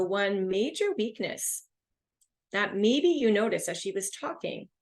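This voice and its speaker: Woman running a webinar lesson, upbeat and emphatic, mid pitch. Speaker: webinar instructor. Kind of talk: online lesson.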